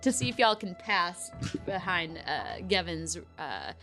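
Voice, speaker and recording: A woman's voice: lowish voice, big pitch swings, measured pace, a bit bright, faint music behind. A woman running a tabletop game as game master, narrating in a casual, rambling way full of fillers.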